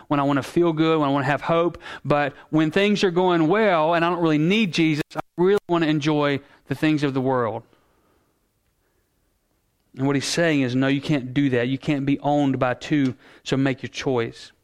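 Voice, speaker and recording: A male pastor preaching a sermon in an earnest, emphatic way, slowing down to stress key words. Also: a little high, clear, resonant tone.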